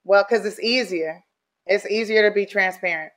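A woman guest speaking bluntly and candidly in a casual interview, animated and salty, mimicking people as she goes. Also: mid-range voice, moderate pace.

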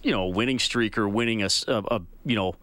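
A man's voice: on the low side, fast, a bit bright, no room sound. A man hosting a sports talk radio call-in show, chatting casually and thinking aloud with frequent restarts.

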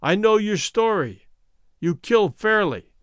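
Young army captain, resolute and persuasive, lively tone, read by a man. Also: sits high, slow pace, clear, resonant tone, no echo, studio quality, pitched above the performer's own voice, heavily acted.

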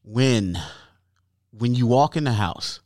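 A man hosting a casual chat, animated and profane, acting out what others say. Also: medium pitch, slow pace, dry recording, studio quality. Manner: animated, profane, acts out quotes.

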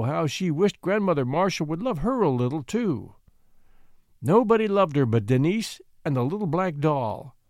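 A man reading a classic storybook aloud with an expressive, sympathetic delivery. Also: a little high, dry recording, studio quality.

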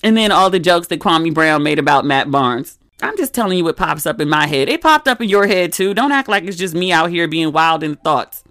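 A woman's voice: on the low side, animated, a little fast, hardly any pauses, a bit bright, dry recording. Chatty woman podcaster, dry close sound. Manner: chatty, candid storytelling with asides. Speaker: podcast host. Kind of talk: casual solo podcast chat.

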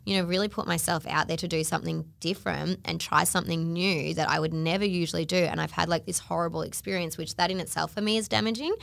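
This woman's voice is lowish and gravelly, moving fast with few pauses and no echo. She's casually spinning a long podcast story, full of "like," animatedly performing the voices of whoever she quotes.

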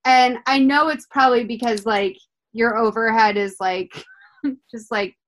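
A woman co-hosting a podcast asks rambling, curious questions in casual conversation, using many fillers. Her voice is a little high and unhurried, with fairly even intonation.

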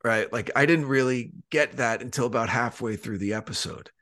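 A man's voice: medium pitch, normal speed, a bit bright. A man co-hosting a podcast in casual chat, rambling with frequent restarts and plenty of swearing. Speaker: podcast co-host.

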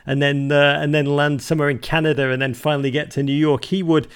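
A man's voice: on the high side, level tone, fast talker, clean tone. A man from Liverpool, a guest telling wry, self-mocking family anecdotes in an interview. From Liverpool, England. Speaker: guest, author. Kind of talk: storytelling interview talk.

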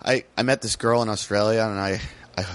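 A man's voice: lowish voice, fairly quick. A man from the United States, a comedian guest on a podcast, telling a story casually and acting out the people in it. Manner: animated, acts out voices in his story.

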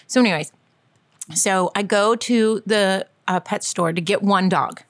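Podcast co-host: woman in her forties, lively chatty storyteller who laughs a lot, close and dry. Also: medium pitch, unhurried, no echo. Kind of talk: casual storytelling chat.

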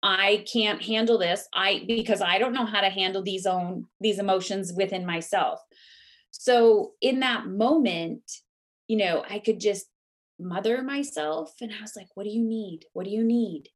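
A woman guest author telling a personal story in an interview, earnest and animated, with lots of "like" fillers. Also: mid-range voice, measured pace.

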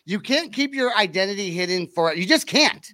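A man's voice: sits high, animated, moderate pace, bright, forceful tone, dry recording. A man from Oklahoma, a podcast host, rambling and joking with many restarts. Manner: rambling, restarts a lot, jokey. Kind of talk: casual chat.

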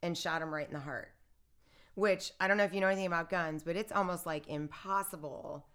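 Animated woman retelling a story. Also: fairly low pitch, brisk, clear, resonant tone. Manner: animated retelling, acts out what others said; filler-heavy, lots of "like" and "I'm like". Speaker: interview guest. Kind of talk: personal storytelling in casual conversation.

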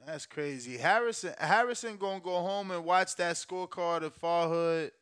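A man hosting a live stream, reacting to a fight with loud, profane exclamations. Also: high voice, moderate pace, clean tone. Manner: excitable, profane, shouts and exclaims.

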